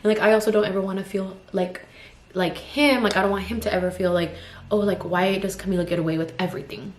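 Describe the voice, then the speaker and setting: A woman's voice: medium pitch, steady tone, fast, a little hiss or hum. A woman in her twenties, a vlogger and mother of two toddlers, venting in a frank, rambling casual chat packed with "like" and "you know". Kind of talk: casual get-ready-with-me vent. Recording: roomy echo with faint ambience.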